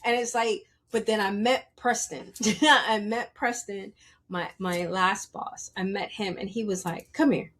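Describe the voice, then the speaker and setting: A woman's voice: mid-range voice, steady tone, a little slow, a bit bright. A woman guesting on a podcast, telling candid stories about herself in a blunt, profane, playful way and acting out quoted people with big jumps in her voice. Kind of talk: candid conversational storytelling.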